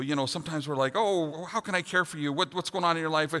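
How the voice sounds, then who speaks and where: A man's voice: fairly high pitch, fast, hardly any pauses, a bit bright. A middle-aged man preaching a sermon, earnest and then telling a funny personal story. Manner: earnest, builds to humorous storytelling. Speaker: pastor. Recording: long hall reverb.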